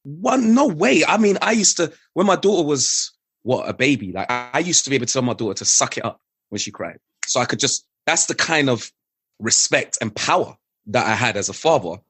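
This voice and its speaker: A man's husky voice speaks earnestly, animated as he tells a personal story. He sounds middle-aged. The recording is dry and close. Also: mid-range voice, brisk, dry recording. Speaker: podcast guest. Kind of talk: candid conversation.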